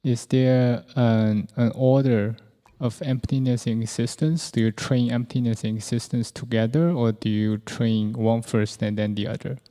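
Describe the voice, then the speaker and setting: Male student, deep-toned and mellow, slow polite questioner in a reverberant hall. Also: fairly even intonation. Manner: polite, hesitant with fillers. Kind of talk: questioning the teacher.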